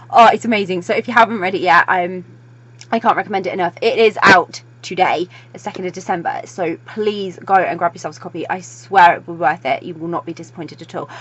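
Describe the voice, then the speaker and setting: A young woman giving an excited book review, gushing and breathless, tumbling through her words with lots of fillers. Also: fairly low pitch, breathy edge. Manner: gushing, breathless, fast-talking with many fillers. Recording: dull lo-fi recording.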